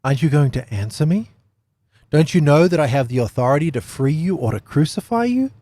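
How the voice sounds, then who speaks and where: A man's voice: on the high side, sing-song, fairly quick, dark tone. A man acting out an alarmed Roman governor. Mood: stern. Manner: exclaiming, rattled questions.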